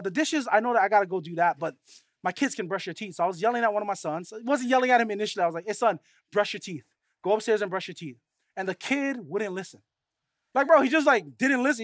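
A high-voiced male pastor in his thirties delivers a conversational sermon, slipping into lively storytelling and quick asides to his church. The sound is close and dry, with no room echo around him. He talks to the congregation like he is chatting with friends.

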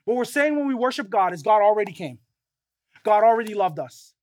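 High-voiced man preaching a sermon. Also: expressive, brisk, darkish tone. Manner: emphatic, repeats points with "right?" and "okay?". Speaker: pastor.

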